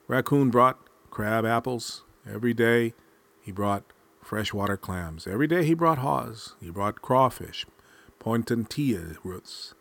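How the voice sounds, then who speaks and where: A man reading a folk tale aloud in a measured, expressive storytelling manner. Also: medium pitch, vocal fry.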